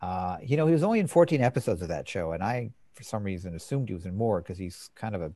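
Man host, casual and informative, low voice, dry close mic. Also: animated, fast, warm tone, no room sound. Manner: informative, reads scene quotes aloud. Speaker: podcast host. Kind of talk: casual chat, retelling scenes.

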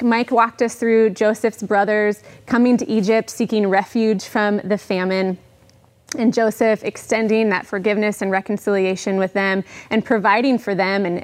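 Woman, preacher, sermon, conversational, mid pitch, reads scripture aloud. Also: steady tone, moderate pace.

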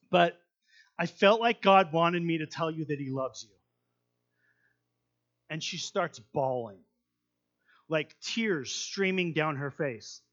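A young man recounts a faith experience in an informal sermon voice, pitched somewhat high for a man. His delivery is chatty and halting, with plenty of fillers, then grows louder as the tension builds. The recording sounds dull and lo-fi. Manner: conversational storytelling with fillers, swelling louder at intense moments. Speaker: speaker telling a personal testimony. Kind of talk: sermon-style personal story.

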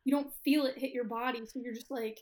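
Young woman, high voice, casual podcast chat, rambly, eating as she talks. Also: steady tone, fast, a little mellow. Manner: chatty, filler-heavy, laughs often. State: eating while talking. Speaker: podcast co-host.

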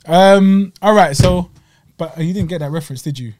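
A young man, telling a casual story on a podcast, animated and full of slang and punchy sound words. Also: high voice, normal speed, background noise. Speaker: podcast co-host.

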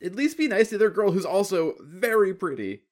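A man's voice: high voice, big pitch swings, moderate pace, a little mellow. A man co-hosting a podcast in casual chat, rambling through stories and laughing often. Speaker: podcast co-host.

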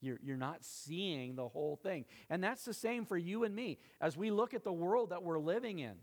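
A male pastor giving a conversational sermon, with a voice that swells louder when he presses a point. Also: sits high, lively intonation, moderate pace.

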